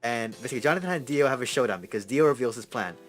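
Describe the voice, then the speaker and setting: A young man co-hosting a podcast, rambling quickly through a story recap in casual chat. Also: mid-range voice, animated, faint music behind. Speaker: podcast co-host.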